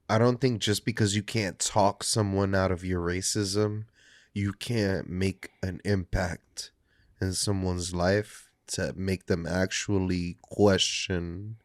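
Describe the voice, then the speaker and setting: A man's voice: deep voice, no echo, clean studio sound. A man co-hosting a casual podcast discussion, talking thoughtfully and searching for his words. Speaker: podcast co-host.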